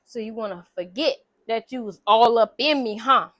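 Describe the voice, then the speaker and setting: A woman's voice: fairly high pitch, normal speed, no echo, natural voice. A woman voicing an obsessive, brazen woman who taunts a married man. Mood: taunting.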